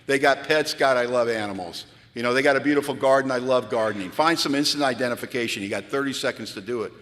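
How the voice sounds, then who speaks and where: A man speaking at a recovery retreat, telling animated, self-mocking stories to a crowd. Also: medium pitch, fast. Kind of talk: storytelling talk at a retreat. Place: large event hall. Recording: long hall reverb from a large venue.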